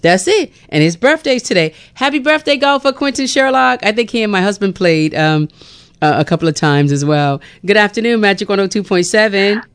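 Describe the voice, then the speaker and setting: A woman's voice: medium pitch, animated, brisk, smooth. A middle-aged woman hosting a chatty radio show, laughing often between prayers and callers. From Bermuda. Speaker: radio host. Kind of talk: casual radio chat and prayer.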